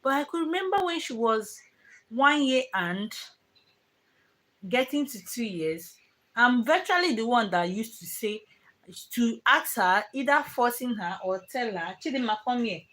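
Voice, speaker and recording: A woman's voice: a little high, lively intonation, a little slow, a bit bright, rough recording. Chatty mother rambling through a live stream. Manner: rambling, with many fillers and restarts; stern scolding asides to her children. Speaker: parenting vlogger. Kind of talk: casual live-stream chat.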